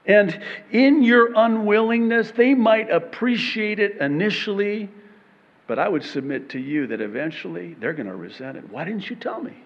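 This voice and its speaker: A high-voiced man delivers a lively sermon. His voice hangs in a long hall reverb and sounds a bit dull and muffled. He acts out little back-and-forth exchanges and laughs between points. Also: normal speed, vocal fry. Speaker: pastor.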